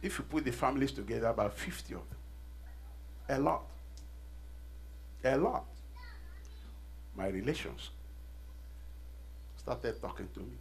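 A man's voice: medium pitch, animated, a little slow, gravelly, long pauses, breathy edge. A middle-aged man preaching a sermon, leading call-and-response and repeating phrases with rising intensity. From Nigeria. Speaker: pastor.

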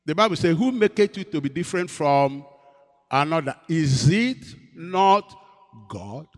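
A man's voice: on the high side, expressive, a little slow, big-room sound. A man preaching a sermon as pastor, asking his congregation questions and waiting for their replies.

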